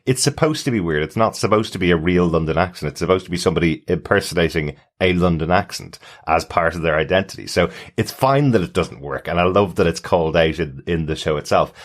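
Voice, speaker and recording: A man's voice: sits low, quick pace, hardly any pauses. A man co-hosting a casual podcast discussion, talking things through and slipping into raised voices when he quotes others. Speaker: podcast co-host.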